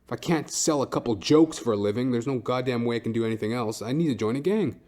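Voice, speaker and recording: A man's voice: medium pitch, fast talker, warm tone. A man hosting a podcast, telling a comic story in a profane, ranting way with frequent "right?". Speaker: podcast host.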